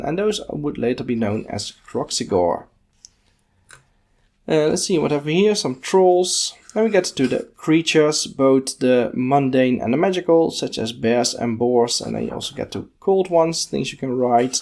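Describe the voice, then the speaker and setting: A man's voice: mid-range voice, creaky, darkish tone. A man hosting a podcast, casually walking through a book page by page and thinking aloud. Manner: unhurried, musing, thinking aloud with fillers. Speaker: podcast host.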